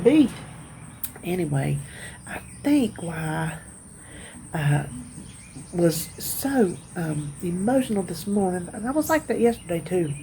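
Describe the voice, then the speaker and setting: A woman's voice: lowish voice, big pitch swings, vocal fry, a little hiss or hum. A middle-aged woman, rambling and emotional as she chats to her viewers, sounding tired. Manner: rambling, emotional, drawn-out pauses. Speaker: vlogger. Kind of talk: casual rambling chat to viewers.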